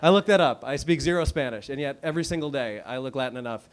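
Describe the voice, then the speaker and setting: A little hiss or hum sits under this fast, mid-range voice. It belongs to a U.S. man in his thirties doing stand-up at a comedy club, wry and self-deprecating in a conversational way, as the audience laughs.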